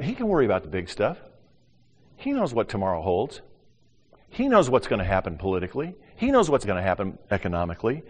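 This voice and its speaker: An older man preaching a sermon as pastor, animated, acting out little voices and swinging from loud to hushed. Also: mid-range voice. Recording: long hall reverb.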